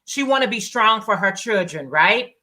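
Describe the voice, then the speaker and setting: A woman's voice: mid-range voice, expressive, normal speed, bright, forceful tone. A woman joining a livestream by video call, talking earnestly and casually, repeating phrases to make her point. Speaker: guest on a livestream. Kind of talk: casual chat.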